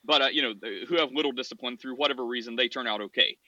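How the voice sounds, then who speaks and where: Male podcast co-host, rambling and animated; bright, sharp voice, dry dull recording. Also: medium pitch, fast, no echo. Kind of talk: casual discussion.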